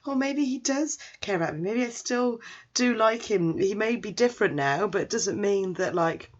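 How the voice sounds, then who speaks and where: A confused, lovesick teenage schoolboy muses wistfully in a high, dreamy voice, put on by a recapper. The sound is muffled and lo-fi. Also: animated, normal speed, lightly acted. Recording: dull lo-fi recording.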